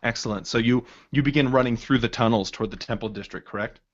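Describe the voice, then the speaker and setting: A man narrating a tabletop game as game master, in a halting way with many fillers. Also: medium pitch, no echo, lo-fi sound.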